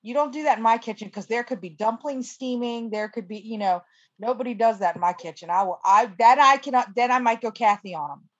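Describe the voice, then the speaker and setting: A woman's voice: a little high, brisk, no echo, dull audio. A woman co-hosting a casual podcast, chatty and self-mocking. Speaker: podcast co-host. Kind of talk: casual chat.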